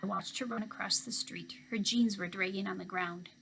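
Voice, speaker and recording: Bright-voiced woman reading a story aloud. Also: medium pitch, moderate pace, creaky, a little hiss or hum. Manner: expressive first-person storytelling. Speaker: teacher. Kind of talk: reading a children's novel aloud.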